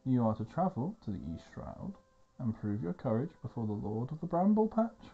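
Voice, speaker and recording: A man voicing an earnest male guildmaster, reading his formal lines with measured gravity. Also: mid-range voice, huge pitch swings, gravelly, husky, narrow, tinny audio, full character voice. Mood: grave.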